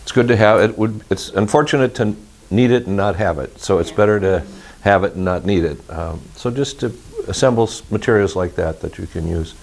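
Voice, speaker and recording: Low-voiced man leading a training session. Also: vocal fry, a little mellow. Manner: conversational, with frequent filler pauses. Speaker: training leader.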